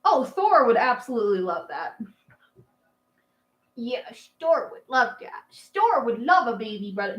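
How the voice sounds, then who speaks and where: Woman, 30s, livestream host; chatty, filler-heavy, affectionate, slightly high voice in a roomy space. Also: very animated, measured pace, dull audio. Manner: chatty and rambling, many fillers and laughs; doting on her dog. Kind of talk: casual livestream chat.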